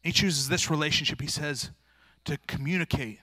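Male pastor, informal earnest sermon delivery, tense bright tone. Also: on the high side, moderate pace, no echo. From rural area. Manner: earnest, plain-spoken, informal with frequent restarts.

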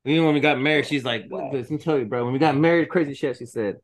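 A man telling his stories in casual podcast chat, profane and animated, acting out what others said. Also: medium pitch, very fast. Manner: profane, animated storytelling with acted-out quotes.

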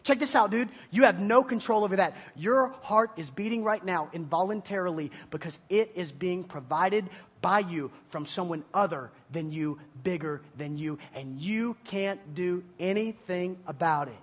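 A high-voiced man with a husky edge delivers an energetic sermon to a room full of students. He jokes and teases as he talks, and he keeps dropping into mock voices to play the doubters he is arguing with. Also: moderate pace. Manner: animated, joking, mimics listeners in mocking voices. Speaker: youth pastor. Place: room with a live audience of students.

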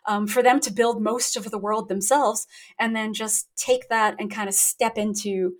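A woman author talking in a relaxed interview over a remote connection, thoughtful and quick to laugh at herself. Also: medium pitch. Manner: thoughtful, self-deprecating, laughs often. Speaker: guest author. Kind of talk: casual interview talk. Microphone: remote call.

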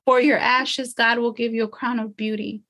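A woman's voice: a little high, flat delivery, normal speed, sharp tone. A woman empowerment coach in a casual podcast conversation, speaking earnestly and emotionally from her faith.

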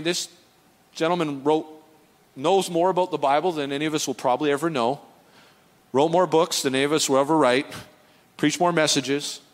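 A man preaching a sermon as pastor, telling personal stories earnestly with frequent restarts. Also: mid-range voice. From Canada. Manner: earnest, animated storytelling with many restarts. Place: church sanctuary.

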